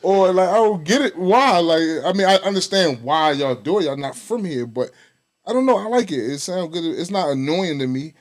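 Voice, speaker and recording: A man's voice: fairly high pitch, animated, normal speed. A man hosting a podcast, talking loosely and jokingly. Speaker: podcast host. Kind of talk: casual chat.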